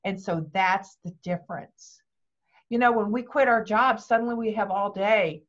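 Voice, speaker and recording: An older woman tells personal stories in a lively way, slipping into the voices of people she quotes. Her pitch sits in a middle range. The recording sounds dull and lo-fi. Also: moderate pace. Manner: lively, acts out quoted dialogue. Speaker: guest speaker. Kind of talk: personal storytelling interview.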